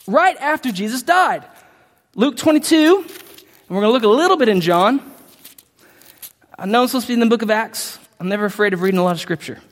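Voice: mid-range voice, lively intonation, fairly quick, long pauses. A preacher giving an emphatic sermon to a congregation, reading scripture aloud and stumbling now and then over the words. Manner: emphatic, impassioned delivery. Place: large hall with a congregation. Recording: long hall reverb.

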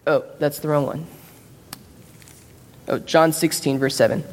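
A man's voice: on the high side, steady tone, a little slow, long pauses, a little mellow, in a large hall. A man preaching a sermon, telling stories in a casual, loose way with fillers and restarts. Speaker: pastor.

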